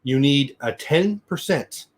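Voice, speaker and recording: A man's voice: medium pitch, expressive, takes it slowly. A middle-aged man hosting a daily live news show, rambling upbeat chat and thanking viewers by name. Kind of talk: casual live-stream chat.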